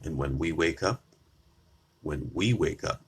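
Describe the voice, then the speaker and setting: A man's voice: extremely low pitch, lively intonation, measured pace, slight background noise. A man giving a combative opinion monologue straight to his viewers, repeating his lines for emphasis. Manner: combative, repetitive, addresses viewers directly. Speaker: political commentator.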